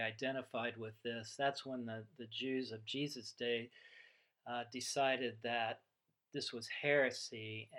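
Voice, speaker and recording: A man preaching a sermon, teaching in an unhurried, reflective way and voicing the dialogue of the story he retells. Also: mid-range voice, fairly bright tone. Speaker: pastor.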